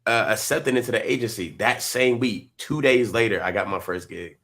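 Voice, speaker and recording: A man's voice: on the low side, normal speed. A young man from North Carolina, a podcast guest, telling his story in casual chat, emotional and fighting back tears. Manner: animated, emotional storytelling with many "I was like".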